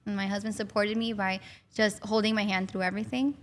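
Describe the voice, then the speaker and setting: A woman's voice: medium pitch, fast, slight background noise. A woman guest candidly telling her personal story in an interview. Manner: warm, candid, animated when recalling. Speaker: guest, bereaved mother.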